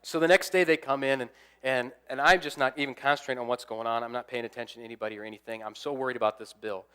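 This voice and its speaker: A man's voice: mid-range voice, fairly even intonation, racing, bright, forceful tone, smooth. A young adult man, an assistant pastor, preaching a sermon as a personal story and acting out the dialogue.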